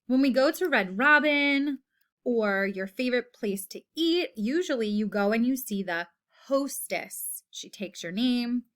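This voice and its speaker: Slow, patient woman teaching phonics. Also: fairly high pitch, expressive, fairly bright tone. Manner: slow, patient, drawn-out word modeling. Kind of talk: recorded phonics lesson for children.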